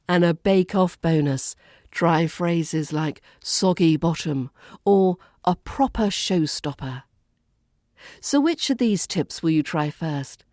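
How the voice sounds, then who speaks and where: A woman with a British RP accent teaching accent tips, modelling phrases slowly and repeating each one twice. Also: fairly low pitch, dark tone, no room sound, studio quality. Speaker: accent coach. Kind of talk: scripted accent lesson.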